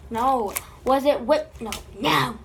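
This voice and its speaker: A woman's voice: high voice, takes it slowly, creaky, a little hiss or hum. A woman making a slime vlog, playfully chatting to the slime as if it were alive, recorded on a phone. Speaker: slime video creator.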